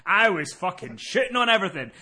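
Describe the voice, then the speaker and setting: A young man hosting a podcast, telling a story in a casual, animated way and swearing freely. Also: sits high, fast, very noisy. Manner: animated, profane, laughing storyteller. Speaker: podcast host.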